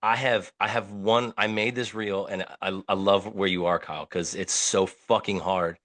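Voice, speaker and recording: A low-voiced man hosting a casual podcast. He talks bluntly with plenty of swearing and halting restarts. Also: fairly bright tone. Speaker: podcast host.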